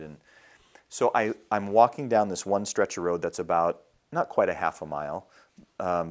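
Male pastor, very low voice, middle-aged, relaxed storytelling sermon, stumbles and repeats words.

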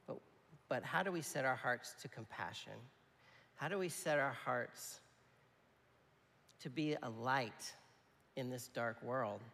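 A man's voice: mid-range voice, a little slow, gravelly, long pauses, pushed and bright. A man preaching a sermon in a conversational, emphatic way, often checking in with his listeners. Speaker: pastor. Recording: long hall reverb.

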